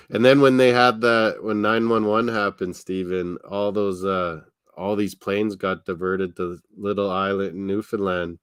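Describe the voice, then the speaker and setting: A man's voice: fairly low pitch, flat delivery, slow, clear, resonant tone, no echo. A man hosting a live sports watchalong, chatting in a rambling, casual way and laughing often. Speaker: watchalong host. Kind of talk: casual live-stream chat.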